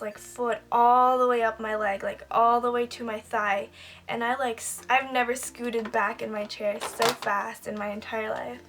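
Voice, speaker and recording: A young woman chats to her camera in a casual storytime, her voice sitting a touch higher than most. She rambles easily, filling her sentences with "like" while she does her makeup. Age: young adult. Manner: chatty, lots of "like" fillers. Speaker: beauty vlogger.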